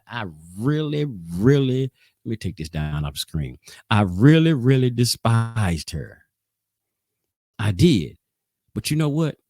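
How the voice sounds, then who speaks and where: A fairly low-pitched man runs a loose, conversational Sabbath Bible class, hammering key points with shifting emphasis and restarting his sentences often. The sound is clean studio quality with no room sound.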